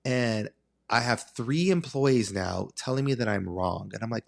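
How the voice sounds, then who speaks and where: Animated man telling a story. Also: medium pitch, measured pace, gravelly. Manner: animated, dramatic storyteller who acts out exchanges. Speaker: podcast host. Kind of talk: casual storytelling chat.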